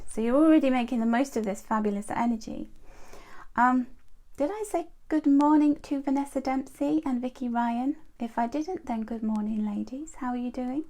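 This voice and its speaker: A middle-aged woman giving a chatty live angel card reading, greeting viewers by name with animated asides. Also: fairly high pitch, moderate pace.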